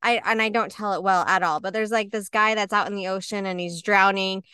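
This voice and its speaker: A woman co-hosting a podcast, telling her story in a candid, animated way and acting out what people said. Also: medium pitch, brisk, clear, resonant tone, no room sound. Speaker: podcast co-host. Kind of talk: candid conversational podcast talk.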